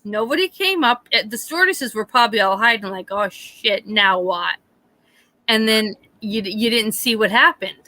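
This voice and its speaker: Bright-voiced woman telling a story. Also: fairly high pitch, brisk, few pauses, no echo. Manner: animated storytelling with frequent swearing. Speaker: live stream host. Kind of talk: casual chat.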